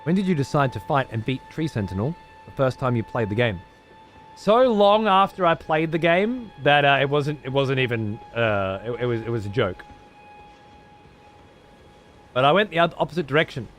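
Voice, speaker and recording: A man's voice: mid-range voice, lively intonation, normal speed, a bit bright, faint music behind. A man streaming a game live, rambling, swearing a lot and chatting to his viewers. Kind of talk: live gameplay commentary.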